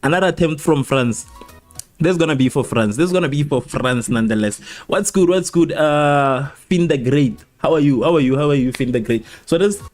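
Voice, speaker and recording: A man hosting a live football watchalong, rambling and repeating himself, who laughs at his own slips and jumps high in pitch at exciting moments. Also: a little fast, faint music behind. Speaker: watchalong host. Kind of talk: live match watchalong chat.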